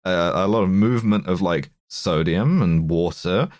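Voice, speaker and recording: A man's voice: low voice, normal speed, a little mellow, no room sound, studio quality. A man presenting slides on a casual podcast, explaining food poisoning with nerdy, jokey rambling and frequent ums.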